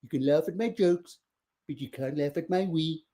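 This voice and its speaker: A man's voice: a little high, moderate pace, mellow, natural voice. A man doing a mocking impression of an angry, boastful older male politician who rants petulantly.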